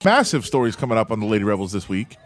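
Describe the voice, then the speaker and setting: A man's voice: lowish voice, sing-song, very fast. A man co-hosting sports talk radio, blunt and argumentative. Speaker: radio co-host. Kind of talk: casual sports radio chat.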